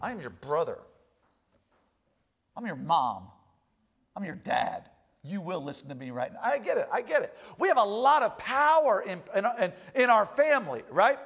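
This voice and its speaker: A man preaching to his congregation in a notably high voice. He reads scripture, then explains it with animated energy. He climbs loud for emphasis and drops low and quiet for quoted voices. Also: moderate pace, gravelly. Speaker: pastor. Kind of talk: sermon. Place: church.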